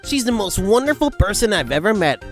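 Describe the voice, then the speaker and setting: A woman voicing an excitable, lovesick young male artist in a game, high and whiny. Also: brisk, over music, close to an everyday voice. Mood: dreamy. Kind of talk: game dialogue read aloud.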